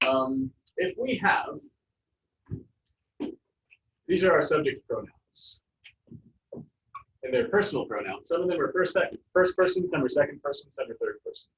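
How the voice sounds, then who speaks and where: A man teaching a Spanish class, relaxed and jokey, with many fillers. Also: fairly high pitch, normal speed, pauses often, slight background noise. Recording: roomy, distant, muffled classroom sound.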